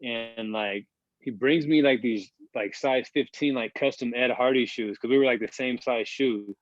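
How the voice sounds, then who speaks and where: A man's voice: medium pitch, normal speed, no room sound. Man in his thirties, rambling storyteller, lots of fillers, profane, dry close sound, muffled lo-fi. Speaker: podcast guest, basketball player. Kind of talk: casual storytelling.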